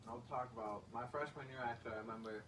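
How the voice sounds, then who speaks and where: A man's voice: medium pitch, steady tone, fast talker. A young man hosting a podcast, teasing his friend with profane banter in casual chat. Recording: distant mic with clear background noise.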